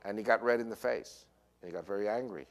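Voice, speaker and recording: Lecturer: a man with a New York accent and a slightly low voice, telling animated stories with many "uh" fillers. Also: quick pace. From New York, USA. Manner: animated storyteller, frequent "uh" fillers. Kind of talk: lecture mixed with personal storytelling.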